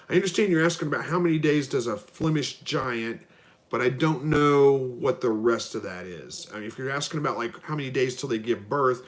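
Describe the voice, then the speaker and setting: A man from Southwest Missouri hosting a casual livestream, reading viewers' questions aloud and answering them in an easygoing, halting way with frequent ums. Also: mid-range voice. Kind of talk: casual live Q&A, reading out chat.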